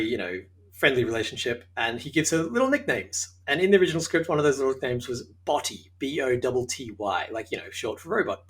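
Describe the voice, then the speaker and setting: Aussie guy talking about making his show, easygoing, laughs a lot, mid pitch. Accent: Australian. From Australia. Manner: friendly, laughs often, thoughtful and lightly humorous. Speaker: show creator, interview guest. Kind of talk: casual interview answers.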